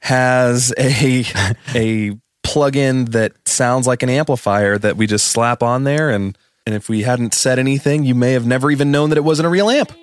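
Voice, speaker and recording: A man's voice: mid-range voice, normal speed. A man co-hosting a podcast, chatting casually about studio production and laughing as he explains. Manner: easygoing, laughs while explaining. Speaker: podcast co-host.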